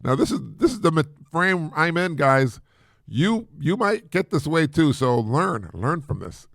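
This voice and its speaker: A man hosting a podcast, telling listeners a family story in a halting way with frequent restarts and repeated words. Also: on the high side, sing-song, creaky, fairly bright tone, no room sound, clean studio sound. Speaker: podcast host, single father.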